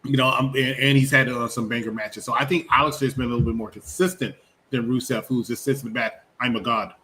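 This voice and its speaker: A man's voice: medium pitch, fast talker. A man co-hosting a wrestling review show, rambling and joking in casual chat, with a faint hum of background noise. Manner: rambling, animated, jokey with mocking impressions.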